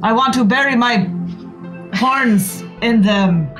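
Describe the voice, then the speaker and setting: A woman's voice: a little high, slow. A woman voicing a flirtatious male ghost deer with a hammy put-on French accent, over music. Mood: seductive.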